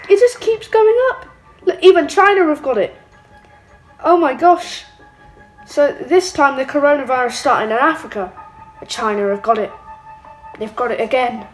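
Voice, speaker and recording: Young girl doing game commentary, excitable, kinda high voice, faint music behind. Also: poor audio. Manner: excitable, giggly, mock-evil asides. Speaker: gaming channel host. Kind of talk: let's-play game commentary. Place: home room.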